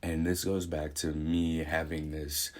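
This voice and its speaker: A man's voice: extremely low pitch, little pitch movement, measured pace. A young man speaking a candid, reflective personal monologue in a conversational way, thinking aloud. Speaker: vlogger.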